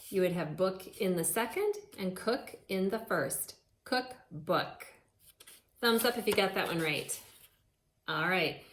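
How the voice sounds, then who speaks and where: A woman teaching a phonics lesson to young children, sounding out words in a slow, sing-song way. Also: medium pitch. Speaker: elementary school teacher. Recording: echoey room.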